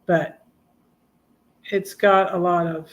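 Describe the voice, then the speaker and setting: A woman hosts a relaxed live stream, chatting and reading her own poems aloud. She is soft-spoken and often sinks into a quiet murmur. Her sentences halt and restart as she thinks aloud. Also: lowish voice. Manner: halting, with frequent restarts and trailing off. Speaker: poet and blogger hosting a live stream. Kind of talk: casual live chat and poetry reading.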